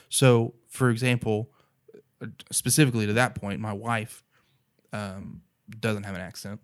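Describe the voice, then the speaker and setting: A man's voice: on the low side, steady tone, unhurried, clear, resonant tone. A man from North Carolina with an Appalachian accent, talking about faith in an earnest, rambling, casual way. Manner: earnest, rambling, many "you know" and "right".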